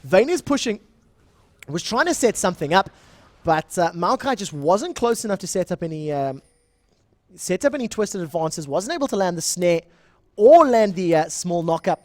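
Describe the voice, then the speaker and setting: A young man with a South African accent doing live esports play-by-play, speeding up and getting louder in the big moments. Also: high-pitched, no echo. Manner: fast, excitable play-by-play that rises in big moments. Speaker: esports shoutcaster. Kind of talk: live game commentary.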